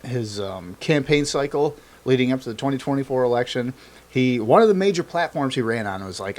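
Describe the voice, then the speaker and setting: A man co-hosting a casual political chat, talking in an animated way, swearing often and acting out what politicians said. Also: medium pitch, fairly quick. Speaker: co-host.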